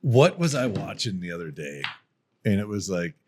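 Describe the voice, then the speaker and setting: A man's voice: low-pitched, very animated, moderate pace, a little mellow, slight background noise. A man co-hosting a casual podcast, chatty and laughing often. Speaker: podcast co-host.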